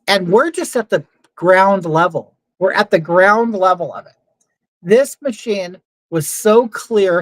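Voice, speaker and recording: A woman's voice: mid-range voice, no room sound, low-quality recording. A woman hosting a livestream, telling stories in a chatty, opinionated way with many asides. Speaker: livestream host. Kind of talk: casual livestream monologue.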